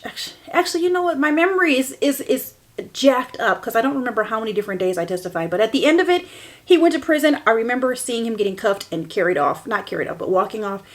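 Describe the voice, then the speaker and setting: A woman in her forties hosting a personal podcast, telling her own story in a candid, emotional way. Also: on the high side. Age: 40s. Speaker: podcast host.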